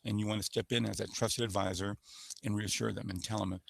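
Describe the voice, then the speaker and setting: A man's voice: on the low side, flat delivery, a little fast, vocal fry, no room sound. A man presenting a sales-skills webinar in a coaching manner, showing voice patterns with sample phrases. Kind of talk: instructional webinar talk.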